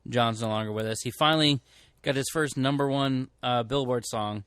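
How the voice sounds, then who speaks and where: A man's voice: medium pitch, normal speed, a bit bright, clean tone, no echo, studio quality. A man co-hosting a podcast from a record shop, talking casually and rambling with lots of fillers and self-corrections. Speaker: podcast co-host. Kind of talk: casual chat. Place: record store.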